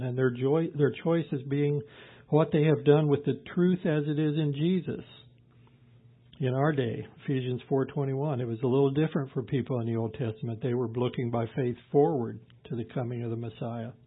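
Husky-voiced male preacher, phone-like sound. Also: mid-range voice, fairly even intonation. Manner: reads scripture slowly and emphatically, then explains in plain conversational asides. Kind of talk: sermon.

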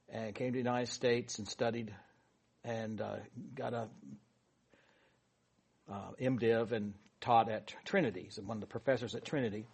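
Guy leading a bible study, kinda low and husky, rambles off on side stories a lot. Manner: rambling, full of asides and fillers. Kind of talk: casual Bible teaching.

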